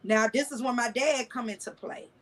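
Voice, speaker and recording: Candid, blunt-spoken woman, slightly high. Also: steady tone, normal speed, poor audio. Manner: blunt, colloquial, with frequent cussing and restarts. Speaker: guest. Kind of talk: candid personal storytelling.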